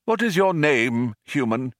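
A man reading aloud voices a sad, gentle old man who speaks in a measured, grave way. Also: medium pitch, sing-song, no room sound, clean studio sound, voice pushed up. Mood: solemn. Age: older.

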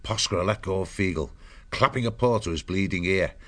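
A man narrating an animal adventure audiobook in a measured storytelling way. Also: low voice.

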